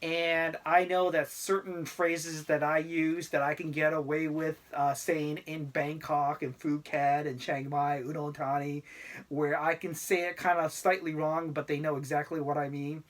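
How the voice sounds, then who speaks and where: A man's voice: on the high side, level tone, measured pace. A middle-aged man talking casually to camera about life abroad, rambling and laid-back with many fillers. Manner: laid-back, self-deprecating. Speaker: expat vlogger.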